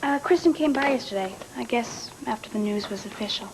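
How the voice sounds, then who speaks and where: A woman's voice: a little high, fairly quick, close to an everyday voice. An actress playing a hurt young woman who keeps her feelings guarded, in a 1980s daytime soap opera. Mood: polite, guarded. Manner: defensive, clipped, rising to indignation. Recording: noisy archived TV recording.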